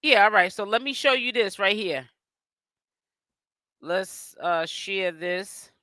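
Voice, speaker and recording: Boston-raised male streamer, bright forceful tone, talks straight to the chat. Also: high-pitched, slow pace, clear, resonant tone, no room sound. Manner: chatty, addresses chat and guests directly. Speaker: livestream host. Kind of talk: casual livestream chat.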